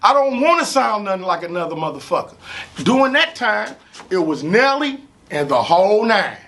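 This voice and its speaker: A man from St. with a gravelly voice, telling stories in a casual interview, animated and profane, often saying "you know what I'm saying.". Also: high-pitched, normal speed. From St. Louis, USA. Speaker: rapper interview guest.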